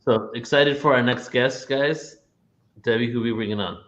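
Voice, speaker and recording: A man from England with an English accent, chatting casually as co-host, rambling and halting. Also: mid-range voice, fairly bright tone, dull audio. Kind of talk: casual chat.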